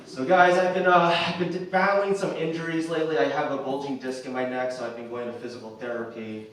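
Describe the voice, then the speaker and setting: A man's voice: mid-range voice, level tone, a little fast, a bit bright. A young man doing a stand-up comedy set, talking casually with lots of fillers and acting out other people's lines. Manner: conversational, acts out quoted voices, frequent "like" fillers. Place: theatre stage with audience laughing. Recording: roomy echo, distant mic, faint noise.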